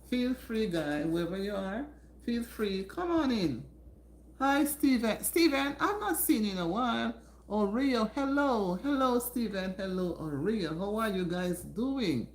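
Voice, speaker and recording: A woman hosting a casual home livestream, chatting warmly and greeting her viewers by name. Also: fairly low pitch, reverberant. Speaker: livestream host. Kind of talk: casual live-stream chat with viewers. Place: indoors at home.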